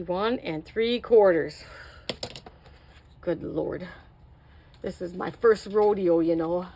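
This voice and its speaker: A woman's voice: medium pitch, gravelly, a bit bright. A middle-aged woman hosting a casual craft tutorial, chatting to viewers as she works and laughing at her own slips. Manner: chatty, self-mocking, talks to viewers while working. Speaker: craft video host.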